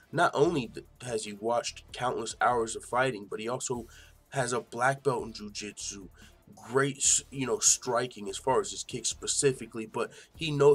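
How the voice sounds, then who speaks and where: A man hosting a mixed martial arts news show, talking casually in an animated, slangy and profane way and often laughing. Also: medium pitch. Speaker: MMA news show host. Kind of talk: casual commentary.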